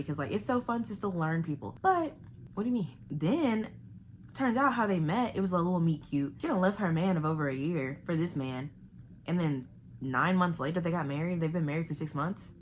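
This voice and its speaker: A young woman talks through a thriller she just read in a chatty, animated home vlog. Now and then she drops into a hushed whisper. A faint hiss sits under her voice. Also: deep voice, fast. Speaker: book vlogger. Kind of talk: casual chat reviewing a thriller. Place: home living room.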